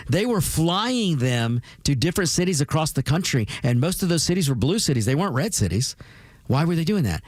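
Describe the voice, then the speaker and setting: A man's voice: mid-range voice, dry recording, clean studio sound. A man hosting a talk radio show, delivering an emphatic political monologue, repeating points and calling his listeners folks. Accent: Spanish-rolled R's on Latin words.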